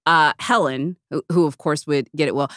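A woman's voice: low-pitched, normal speed, a bit bright, no echo, clean studio sound. A woman hosting a podcast, chatty and laughing as she wraps up the talk. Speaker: podcast host. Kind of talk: casual podcast chat.

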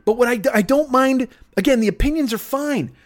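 A man's voice: extremely high pitch, fairly quick. A man ranting in a profane comedic monologue as a podcast host, swearing heavily and slipping into mocking voices. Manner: rants with heavy swearing and mock voices.

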